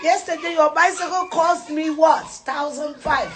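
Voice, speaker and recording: A woman's voice: sits high, steady tone, unhurried, a little hiss or hum. A middle-aged woman with a Ghanaian English accent, vlogging with her sons in a car, mock-crying, laughing and teasing them. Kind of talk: casual family vlog.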